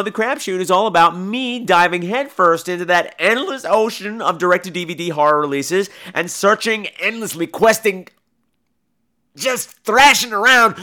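A sarcastic man hosts a horror review podcast with crude jokes and a lively, swinging delivery. His voice is bright and a little high. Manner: animated, sarcastic, crude humor. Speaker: podcast host and film reviewer.

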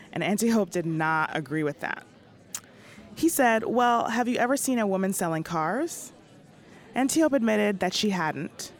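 Woman hosting a story podcast. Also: lowish voice. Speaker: podcast host. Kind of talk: scripted narration.

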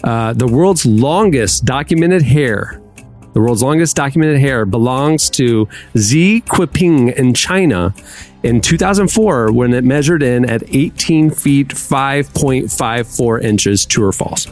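A man hosting a playful trivia game on a podcast, laughing and jumping high in pitch as he calls answers wrong. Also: unhurried, soft background music. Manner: animated, laughing, jumps up high to call answers.

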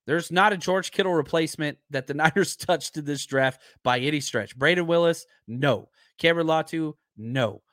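A man hosting a podcast in loose, rambling talk, his voice hoarse and worn down. He sits close to the mic in a dry, dead room, his voice a bit higher than most men's. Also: moderate pace, hardly any pauses, a bit bright, dry recording. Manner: rambling, chatty, searches aloud for names. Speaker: podcast host. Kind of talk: casual live-stream chat.

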